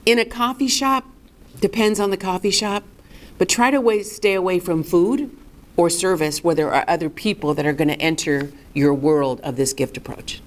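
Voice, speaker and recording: Middle-aged woman instructor, lowish voice, emphatic coaching delivery, workshop lesson. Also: moderate pace. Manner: emphatic, coaching, asks and answers own questions. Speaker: fundraising workshop presenter.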